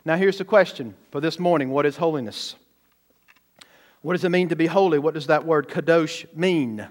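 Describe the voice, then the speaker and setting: A man's voice: on the high side, normal speed. A man preaching a sermon, emphatic, asking the congregation rhetorical questions and stressing words by repeating them. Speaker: pastor.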